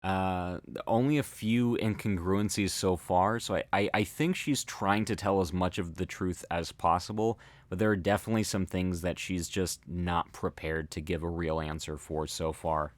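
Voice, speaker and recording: Deep-voiced man explaining with many fillers. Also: fairly even intonation, no room sound. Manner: thoughtful, halting, many fillers and restarts. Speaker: host analyzing body language. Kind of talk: casual explanatory commentary.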